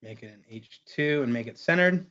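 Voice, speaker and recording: A man presenting a webinar, walking through a software screen share in a casual way and tagging his sentences with "right?". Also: fairly high pitch, animated, normal speed, highs cut off. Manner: casual, keeps asking "right?".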